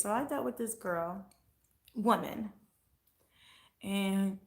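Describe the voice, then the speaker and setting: Woman, casual vlog chat, blunt, profane, mid-pitched, echoey room. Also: slow, vocal fry, long pauses. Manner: blunt and profane, getting heated. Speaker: vlogger. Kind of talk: casual chat answering comments.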